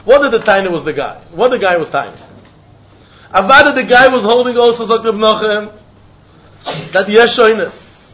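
Male Talmud teacher, high and very expressive voice, animated. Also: normal speed, pauses often. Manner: animated, acts out quotes, mixes in Yiddish and Hebrew terms. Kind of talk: Talmud lesson. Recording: dull lo-fi recording.

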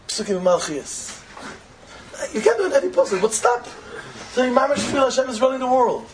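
A man giving an informal religious talk before the holiday, animated and switching between Hebrew and Yiddish terms, building up to emphatic peaks. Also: high-pitched, a little fast, a crowd in the background, low-quality recording. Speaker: religious speaker.

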